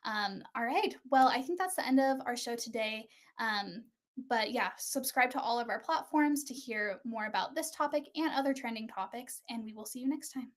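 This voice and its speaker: A woman's voice: a little high, normal speed. A woman co-hosting a casual marketing chat over a video call, speaking with many fillers like "um" and "like". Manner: filler-heavy, lots of "um" and "like". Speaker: co-host.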